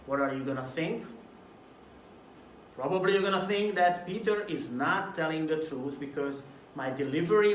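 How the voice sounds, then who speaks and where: A man from Hungary giving a recorded video talk to camera about presentation delivery, lively and at times acting out a dull, mumbled way of speaking as a contrast. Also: on the high side, echoey room, far from the mic, a little hiss or hum. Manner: animated, demonstrates flat and mumbled delivery as examples. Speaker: presentation coach.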